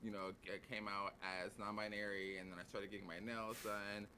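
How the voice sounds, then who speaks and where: A man's voice: fairly low pitch, level tone, moderate pace, sharp tone, slight background noise. A man on a panel talking casually, rambling with lots of "like" and restarts. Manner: loose and rambling, full of "like" and restarts.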